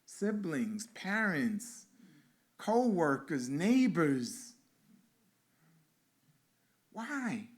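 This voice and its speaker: A male reverend giving a sermon with a guided meditation at a spiritual center, speaking in slow, rhythmic lines with repeated phrases. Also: fairly high pitch, very animated.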